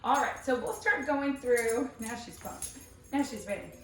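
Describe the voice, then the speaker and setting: Her tone fairly bright and her pace moderate, a woman runs an instructional dog training demo in a chatty, upbeat manner. She slips into a high praise voice with the dog, heard from a distance amid roomy echo and faint music.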